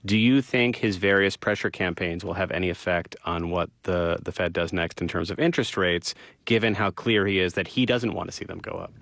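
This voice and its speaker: Deep-voiced male radio interviewer. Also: fairly quick, creaky, a bit bright, no room sound. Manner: direct questioning. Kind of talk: news interview.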